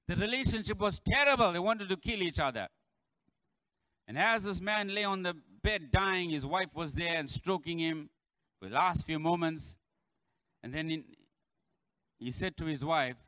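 A pastor delivers a sermon with a high, bright voice. He swings into shouted, repeated refrains and call-and-response with the congregation. The sound is dry and close. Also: dry recording, rough recording. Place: church.

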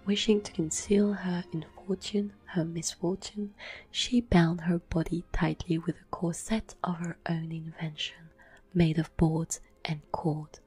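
A woman reading a classic story aloud in a slow, hushed ASMR whisper. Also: fairly low pitch, level tone. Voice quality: breathy whisper. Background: soft classical music.

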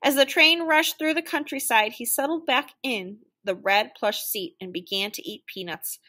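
A woman reading a children's story aloud, animated and playing out the noises. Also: fairly high pitch, normal speed. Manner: animated, sound-effect voices for noises. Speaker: children's book reader.

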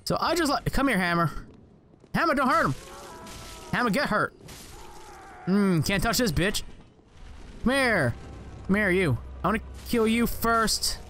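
Excitable high-voiced man yelling at a game. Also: a little slow, pauses often, slight background noise. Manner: excitable, swears and yells at enemies. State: voice cracking. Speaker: gaming channel host. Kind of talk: let's play commentary.

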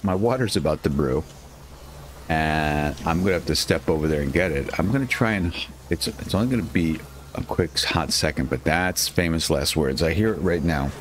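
A man's voice: very deep voice, normal speed, a little hiss or hum. A man hosting his own gaming channel, giving casual, chatty commentary over his play, talking to his character and poking fun at himself. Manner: chatty, self-mocking, talks to his character. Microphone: headset.

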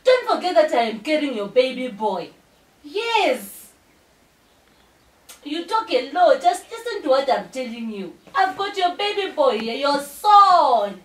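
A woman's voice: high-pitched, sing-song, unhurried, a bit bright, heavily acted. A Zimbabwean woman playing a whiny, demanding pregnant young mistress in a comedy skit, giggling between her complaints. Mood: wheedling. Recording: roomy, distant from mic.

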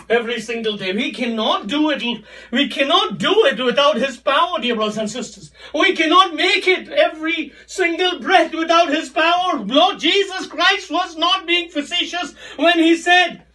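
A man preaching an impassioned sermon, often raising his voice to a shout and repeating phrases for emphasis. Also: very high-pitched, moderate pace, far from the mic.

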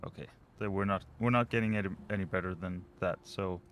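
A man's voice: deep voice, fairly even intonation, fast, fairly bright tone, a little hiss or hum. A man casually commenting while he plays a management game, often muttering and trailing off as he thinks aloud. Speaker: let's play host.

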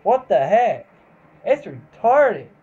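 A gameplay commentator talking casually over a match, excitable, exclaiming and swearing at the game. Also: medium pitch, slow pace, husky, muffled recording, soft background music.

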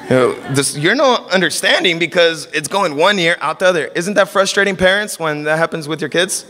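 A man preaches a sermon with an animated delivery, slipping into the voices of the people he quotes. His voice is high and bright. The sound carries a long reverb from a church hall. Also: a little fast.

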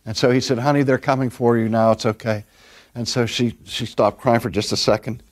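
An older pastor in the middle of a sermon, telling a story with earnest care. His voice sits at an ordinary middle pitch, and he slows down to lean on the words that matter. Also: fairly even intonation. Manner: earnest storytelling, drawn-out emphasis on key words.

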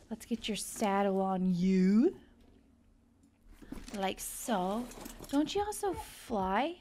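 A woman's voice: medium pitch, lively intonation, takes it slowly, a little mellow, slight background noise. A young woman casually commentating her own gameplay, chatty and gushing over the creatures she tames. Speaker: gaming video host. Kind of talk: casual let's-play commentary.

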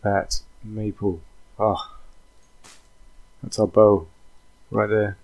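A man giving casual, thinking-aloud commentary while playing a video game, drifting into relaxed, rambling asides. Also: lowish voice, very slow, creaky, lo-fi sound. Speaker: let's play host.

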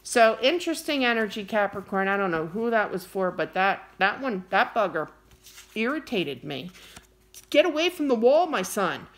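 A middle-aged woman giving a casual tarot reading to camera, animated and quick to get wound up and scold playfully. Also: medium pitch. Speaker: tarot card reader.

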